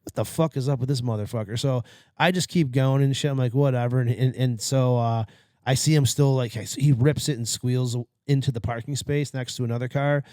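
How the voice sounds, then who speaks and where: Fast-talking, cursing podcast storyteller man. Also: mid-range voice, no room sound, clean studio sound. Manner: profane, animated storyteller acting out quotes. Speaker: podcast co-host. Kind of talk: casual storytelling chat.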